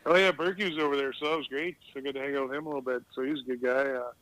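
A man's voice: mid-range voice, fairly even intonation, very fast, fairly bright tone, no room sound, poor audio. A middle-aged man who used to play pro hockey, telling loose, rambling stories as a guest on a casual podcast and laughing at his own anecdotes. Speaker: guest, retired hockey player.

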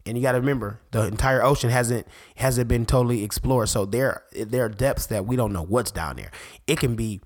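A man, a parent, hosting a faith podcast in an excitable, rambling monologue that keeps interrupting itself. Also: medium pitch, fairly quick. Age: adult parent. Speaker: podcast host.

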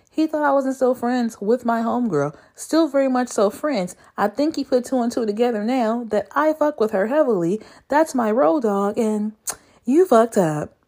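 A young woman vlogging in a loose, swearing rant about dating apps. Her voice swings widely, dropping low and then shooting up into incredulous squeaks. She sounds exasperated and talks straight to her viewers. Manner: animated, profane, exasperated storytelling with sudden high squeals of disbelief. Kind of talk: casual storytelling rant.

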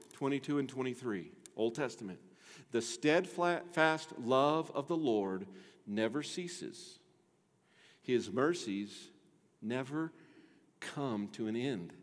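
A man preaching a sermon to his church, swinging between loud emphasis and hushed low tones, with a bass singing voice. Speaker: pastor. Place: church sanctuary. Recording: long hall reverb.

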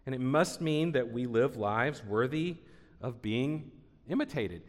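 A man's voice: mid-range voice, lively intonation, a little slow. A man in his forties, a pastor, preaching an earnest sermon, often repeating himself and building to emphatic peaks. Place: church sanctuary. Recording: long church hall reverb.

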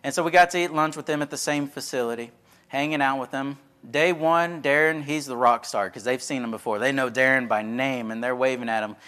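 A man's voice: medium pitch, fairly quick, bright, forceful tone, smooth. Folksy preacher man. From Texas. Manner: folksy, conversational, acts out quoted voices. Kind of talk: sermon with storytelling.

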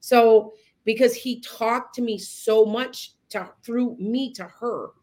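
A woman's voice: fairly high pitch, slow pace, darkish tone. A woman hosting a podcast as a psychic medium, telling stories to her listeners in a casual, rambling way with many restarts and asides. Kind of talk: casual storytelling monologue.

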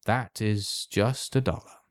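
A man voicing a sly, calm old man who sells love potions, speaking smoothly and unhurriedly in a quietly insinuating way. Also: lowish voice, takes it slowly, dry recording, studio quality. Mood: knowing.

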